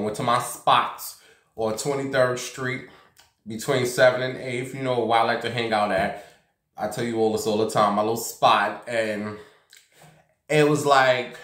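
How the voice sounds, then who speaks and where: A man's voice: medium pitch, normal speed, fairly bright tone. Chatty man telling gossip in an echoey room. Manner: chatty and gossipy, acting out quoted voices. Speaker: vlogger. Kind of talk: casual storytelling vlog. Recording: roomy echo.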